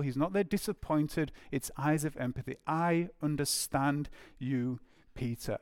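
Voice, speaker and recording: Male preacher, slightly high voice, chatty sermon delivery with questions to the room. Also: a little mellow, clean tone, no echo, clean studio sound. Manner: conversational, asks the listeners questions, voices imagined speakers.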